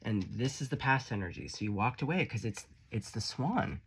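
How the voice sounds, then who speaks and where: A man's voice: medium pitch, expressive, normal speed, slightly rough. A man giving a casual tarot reading, blunt and profane, playful and encouraging as he talks the listener through the cards. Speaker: tarot reader.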